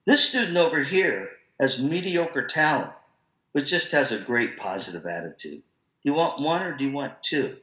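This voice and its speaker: A man presenting an online professional-development talk to music teachers, in a lively, conversational, storytelling manner. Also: mid-range voice, moderate pace, reverberant, poor audio.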